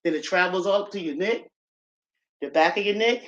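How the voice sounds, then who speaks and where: A woman's voice: fairly low pitch, fairly quick, highs cut off. A woman hosting a casual live stream, talking straight to her viewers in a chatty way, a bit out of breath. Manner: chatty, addresses viewers directly.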